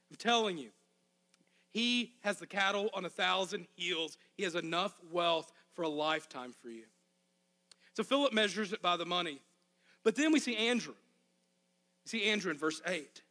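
Arkansas-accented male pastor, high and bright, preaching with passion in a reverberant hall. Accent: Arkansas Southern US. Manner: impassioned, emphatic repetition. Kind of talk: sermon.

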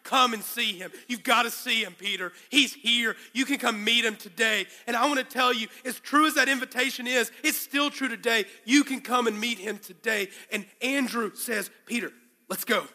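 A male pastor preaching a sermon to a congregation, telling the story with animated, acted-out quotes. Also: extremely high pitch, moderate pace, few pauses, big-room sound, faint music behind. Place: large room with a congregation.

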